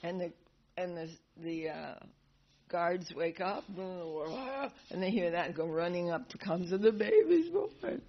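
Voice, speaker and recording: A woman teaching a devotional class who retells a sacred story in a lively way, acting out its characters. Her voice sits low and she speaks slowly. The recording is slightly dull and lo-fi. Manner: animated, laughing retelling with acted voices.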